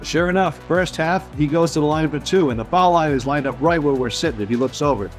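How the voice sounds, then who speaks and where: A sports reporter gives a plain, brisk recollection of a story in an interview. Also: male voice, fairly high pitch, soft background music.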